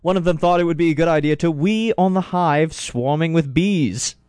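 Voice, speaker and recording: A man's voice: on the high side, moderate pace, darkish tone, clear, resonant tone, no echo, clean studio sound. A man hosting a radio talk show, reading odd news stories aloud with joking asides.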